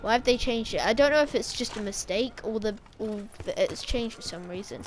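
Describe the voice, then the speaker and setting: A fairly high-voiced woman rambling through game theories in a loose, casual way, stopping to correct herself mid-thought. Loud gunfire and game noise run steadily underneath her voice. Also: fairly quick. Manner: rambling, self-correcting, speculative. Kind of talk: casual game-lore vlog commentary. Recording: game gunfire playing behind.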